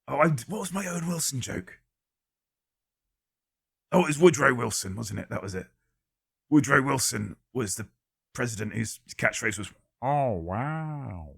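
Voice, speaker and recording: A man hosting a live-stream guessing game, reading out viewers' guesses one by one with dry, deadpan jokes. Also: medium pitch, normal speed, gravelly, pauses often, husky. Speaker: livestream quiz host.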